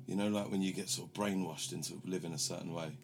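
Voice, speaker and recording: A man's voice: low voice, steady tone, fast, a little hiss or hum. A young man from London hosting a podcast, telling rambling stories in casual chat and swearing freely. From London, England. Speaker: podcast host. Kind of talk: casual banter.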